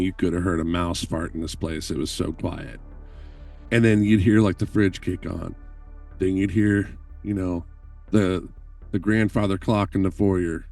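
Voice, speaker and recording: A man telling stories on a podcast call in an animated, profane way, laughing often. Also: low-pitched, moderate pace, far from the mic, soft background music. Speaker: guest filmmaker telling stories. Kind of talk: casual podcast chat.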